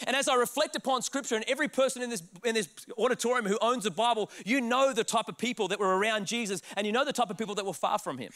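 A man with an Australian accent preaching a sermon, telling a funny personal story with quick laughs and acted-out quotes. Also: very high-pitched. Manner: animated, laughing, restarts words, acts out quotes. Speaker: pastor.

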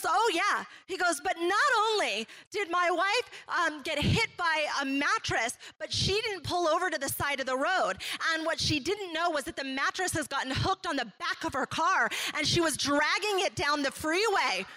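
Bright high-voiced woman preaching. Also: normal speed. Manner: animated storytelling, acting out quotes. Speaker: pastor. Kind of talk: sermon with personal story.

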